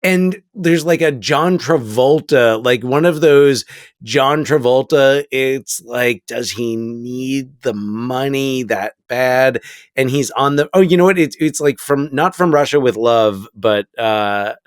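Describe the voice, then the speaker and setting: Man, podcast co-host, teacher, rambling and laughing, mid pitch, dry close sound. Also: measured pace, dry recording. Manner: rambling, restarts sentences, laughs often. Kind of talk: casual movie podcast chat.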